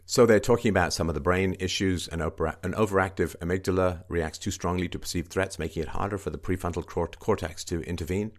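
A man with a very low voice talks through a news article, reading passages and stopping to comment. He is emphatic and keeps repeating his key points. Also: steady tone, quick pace, hardly any pauses. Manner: emphatic, repetitive, swings into mocking higher-pitched quoting.

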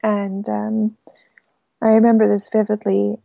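Young female caller, hesitant storyteller, mellow and fry-heavy tone, muffled lo-fi call sound. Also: medium pitch, monotone, dry recording. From United States. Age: young adult. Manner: halting, hesitant storytelling with restarts.

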